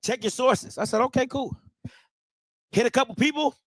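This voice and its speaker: A man hosting a sports talk show with a Baltimore accent, speaking in quick, emphatic bursts and sometimes shouting. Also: very high-pitched, no room sound. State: out of breath. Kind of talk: excited sports commentary with call-ins.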